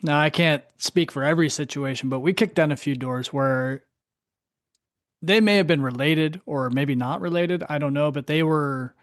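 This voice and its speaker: A man's voice: fairly high pitch, moderate pace, dry recording, studio quality. A man hosting a podcast, speaking frankly, with short restarts. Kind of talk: casual podcast conversation.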